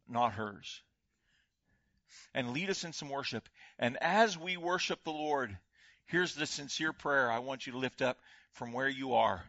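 Bright-voiced older male pastor preaching. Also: mid-range voice, no room sound, muffled recording. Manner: impassioned, swings from loud exclamations to hushed prayer. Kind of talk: sermon.

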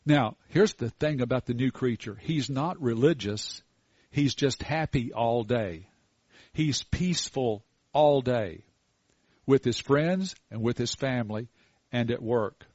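An older man preaching a sermon in a folksy, storytelling way with animated asides. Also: medium pitch, a little slow, no room sound, dull audio.

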